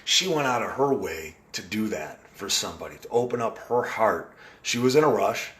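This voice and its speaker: A man's voice: fairly low pitch, animated, normal speed, fairly bright tone. A man hosting a casual live video chat, talking in an earnest, rambling way with frequent restarts. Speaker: live-stream host.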